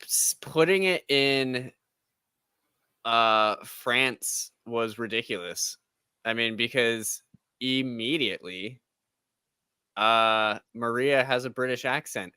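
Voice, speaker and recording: A man's voice: medium pitch, takes it slowly, pauses often, pushed and bright, smooth, no echo. Male co-host, medium voice, dry close sound, exasperated ranting style. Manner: ranting, exasperated, mocks with quoted asides. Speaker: podcast co-host. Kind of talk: casual spoiler chat.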